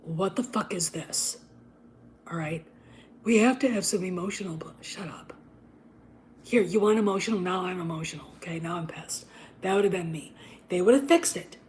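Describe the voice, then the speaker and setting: A woman host delivers an unscripted, profane rant at a mid pitch. She repeats herself for emphasis. She swings between a breathy unvoiced whisper and sudden loud bursts. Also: normal speed, pauses often, slight background noise. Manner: drops to an unvoiced whisper and back. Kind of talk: ranting casual commentary.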